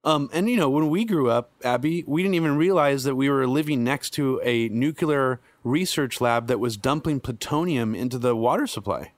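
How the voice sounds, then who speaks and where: A man's voice: medium pitch, moderate pace, hardly any pauses, no room sound. Man, podcast host, casual blunt talk, swears a lot, dry close mic. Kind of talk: casual chat.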